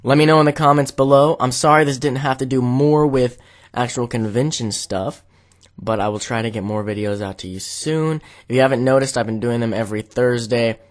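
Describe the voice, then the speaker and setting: A man's voice: mid-range voice, brisk. A young man vlogging to camera, telling a casual, rambling story full of "like" fillers.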